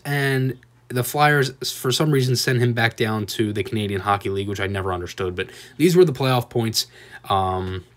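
A young man casually narrating a voiceover over his own video game clips, rambling and excitable with lots of fillers and restarts. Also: mid-range voice, normal speed. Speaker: gaming video creator.

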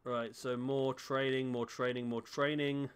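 A man's voice: medium pitch, little pitch movement, a little slow, smooth. A man giving casual, chatty commentary on a football game at home, talking to the players on screen and joking at himself. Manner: chatty, self-mocking, talks to the players on screen. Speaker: gaming YouTuber. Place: home room.

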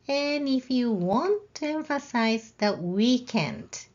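A woman teaching a language lesson, explaining grammar patiently and saying example sentences out loud. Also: on the high side, lively intonation, slow, highs cut off. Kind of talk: slow, careful lesson explanation.

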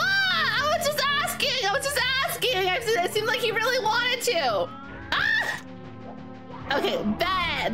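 A young woman streams a video game live, with game music running behind her. Her voice is very high and sing-songy. She chatters to her viewers, thanks them warmly, and shrieks when the game goes wrong. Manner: bubbly, shrieks at danger, thanks chat. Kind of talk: live gaming commentary.

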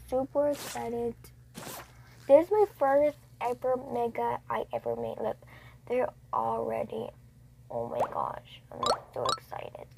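A woman casually commenting on her gameplay as a vlogger, excitable and gasping, repeating her exclamations. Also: on the high side, creaky, a little hiss or hum, poor audio. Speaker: gaming vlogger.

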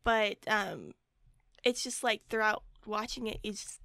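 Young female co-host, gravelly voice, halting and filler-heavy, dry sound. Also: medium pitch, fairly even intonation, bright, forceful tone, dry recording. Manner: halting, many "like" and "you know" fillers. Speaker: podcast co-host. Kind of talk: casual chat.

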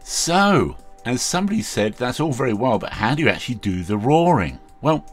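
A man's voice: mid-range voice, sing-song, moderate pace, soft background music. A man hosting a casual how-to tutorial, talking in a rambling, chatty way with many fillers. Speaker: video host.

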